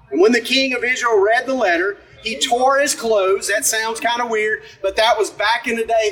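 Male pastor, high bright voice, chatty sermon, heard a little off-mic. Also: recorded from a distance, rough recording. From Alabama. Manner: conversational, asks the congregation questions.

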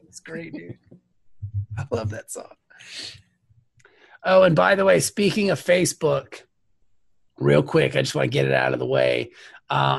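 A man's voice: mid-range voice, creaky, slightly rough, no echo. A man hosting a podcast, chatting crudely and laughing often with his co-hosts. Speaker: podcast host. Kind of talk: casual chat.

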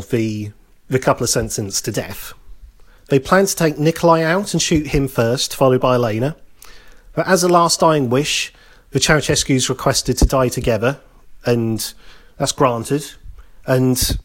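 A man telling a history story in casual podcast chat, repeating phrases and acting out the quotes. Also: mid-range voice. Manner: conversational, repeats phrases, acts out quoted lines.

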